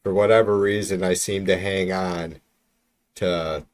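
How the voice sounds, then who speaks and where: Guy streaming, kinda low voice, rambles and swears at chat, mic a bit back from him. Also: steady tone, unhurried, darkish tone. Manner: rambling, profane, chatting to viewers. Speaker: livestreamer. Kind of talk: casual livestream chat. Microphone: mic about an arm's length away.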